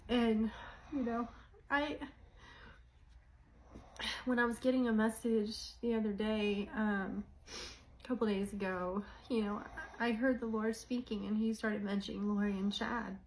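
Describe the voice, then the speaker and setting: A woman's voice: on the high side, steady tone, a little slow, pauses often, darkish tone, slight background noise, poor audio. A woman talking casually and emotionally to her viewers about her faith, rambling and apologizing as she goes. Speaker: co-host of a religious channel.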